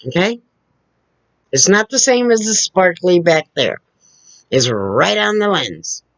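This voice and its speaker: Woman ranting slowly at her webcam, keeps asking okay?, dull lo-fi sound. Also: on the low side, animated, no echo. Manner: lecturing, repeats points, checks in with "okay?". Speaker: vlogger. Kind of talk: direct-to-camera opinion rant. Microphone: camera on a computer two feet away.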